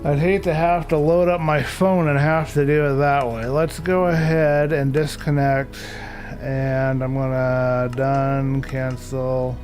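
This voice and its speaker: A man's voice: on the high side, fairly even intonation, unhurried, few pauses, a little mellow, faint music behind. Chatty man streaming a game. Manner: chatty, talks to himself and viewers, mildly grumbling about tech. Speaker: live streamer. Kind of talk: casual live-stream chat while gaming.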